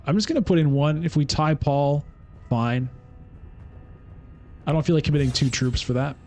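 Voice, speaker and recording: A man's voice: fairly high pitch, moderate pace, darkish tone, a little hiss or hum. Chatty man streaming a board game. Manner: thinks aloud, chatty, self-mocking. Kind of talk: casual gameplay commentary.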